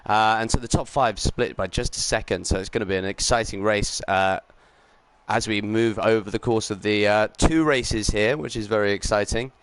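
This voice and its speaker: A man giving upbeat live commentary on a sim racing league stream, chatting with viewers and filling pauses with ums and uhs. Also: lowish voice, smooth, dry recording. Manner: greets chat viewers while commentating.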